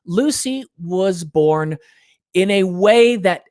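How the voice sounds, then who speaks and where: A middle-aged man, appearing as a guest in a relaxed interview, recounts parenting stories in a high-pitched voice at a slow pace. He animatedly performs the quotes of the people involved, and the studio-quality audio has no echo.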